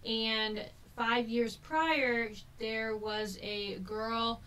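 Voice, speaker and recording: Bright-voiced woman gushing about books. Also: fairly high pitch, drawn-out words, smooth, recorded from a distance. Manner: gushing, animated book enthusiast. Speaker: book talk co-host. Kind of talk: casual chat.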